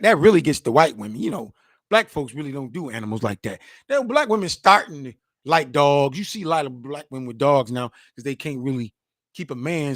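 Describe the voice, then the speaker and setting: A man in his forties reacting to news clips as host, animated, emphatic and mocking, full of slang. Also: fairly high pitch, dry recording, studio quality.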